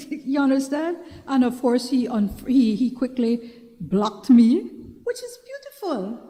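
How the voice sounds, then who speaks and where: Belizean woman talk show host, casual advice monologue, chatty and repetitive; warm higher voice, reverberant room. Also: sing-song, measured pace. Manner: chatty, repeats herself, asks "you understand?". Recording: long reverberant room sound.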